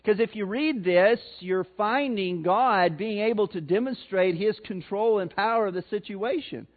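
A man with a Missouri accent preaching a sermon, swinging between loud emphasis and soft, slow passages. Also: sits high. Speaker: pastor. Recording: tinny phone-like sound.

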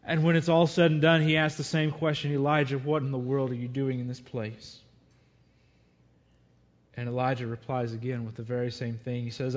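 A man preaching a sermon, earnestly reading scripture aloud and reflecting on it. His voice sits at an ordinary middle pitch. The recording sounds a little dull and lo-fi. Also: little pitch movement, normal speed.

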